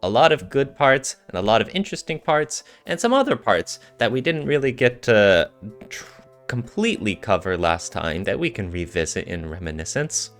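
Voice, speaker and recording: A man co-hosting a podcast in an upbeat, wordy way. His voice sits fairly low and swings up and down a lot, and faint music plays quietly behind him. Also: sing-song, moderate pace. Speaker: podcast co-host. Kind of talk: casual podcast chat.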